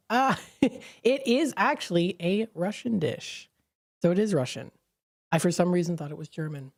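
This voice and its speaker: A woman's voice: on the low side, darkish tone. A woman hosting a live local radio show, chatting casually with lots of fillers and little laughs. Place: radio studio. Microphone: studio microphone.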